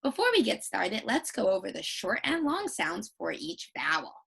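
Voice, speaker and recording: Bright, lively woman teaching phonics. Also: mid-range voice, gravelly, slightly rough. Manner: slow, drawn-out modeling of vowel sounds, repeated emphatically. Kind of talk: recorded kids' phonics lesson.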